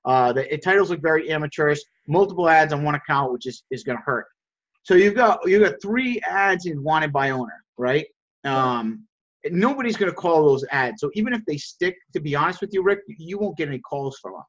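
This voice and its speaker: A fairly high-pitched man coaching a group over a call, his audio a little dull and lo-fi. He restarts his sentences and keeps asking "right?" and "does that make sense?". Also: expressive, fairly quick, fairly bright tone. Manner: restarts and repeats words, keeps checking in with "right?". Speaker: sales coach.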